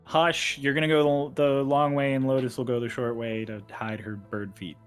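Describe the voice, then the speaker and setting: A man running a tabletop game as game master, narrating in an animated way that is quick to laugh. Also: medium pitch, smooth, faint music behind.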